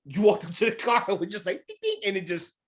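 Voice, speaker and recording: A man co-hosting a podcast in casual chat, an animated storyteller who laughs and acts out the people he quotes, with speech. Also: high voice, fast talker. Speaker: podcast co-host.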